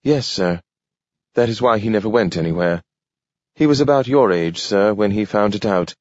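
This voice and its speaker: A man voicing a calm, polite male robot servant in a storybook reading, formal and deferential. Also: lowish voice, normal speed, no room sound, lightly acted. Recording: dull, dry lo-fi recording.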